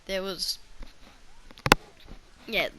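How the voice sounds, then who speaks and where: A woman's voice: medium pitch, steady tone, very slow, heavy background noise. A woman vlogger telling a personal story in a casual, rambling way, full of restarts and fillers.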